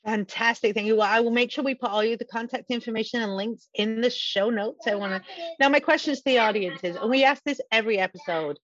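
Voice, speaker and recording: A woman's voice: a little high, quick pace, a bit bright, no echo. A woman hosting a podcast in an upbeat, chatty way, wrapping up with a guest. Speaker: podcast host. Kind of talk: casual podcast chat. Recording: dry, dull lo-fi sound.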